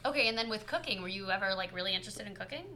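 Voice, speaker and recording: A woman's voice: medium pitch, expressive, very fast, sharp tone, slight background noise. A woman in her twenties hosting her podcast, chatting casually in a playful, teasing way. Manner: playful, teasing, laughs often. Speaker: podcast host.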